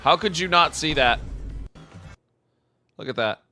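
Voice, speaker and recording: Mocking, lively-voiced streamer man. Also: a little high, measured pace, soft background music. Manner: mocking, profane, repeats phrases for emphasis. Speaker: streamer reacting to a clip. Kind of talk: live reaction commentary.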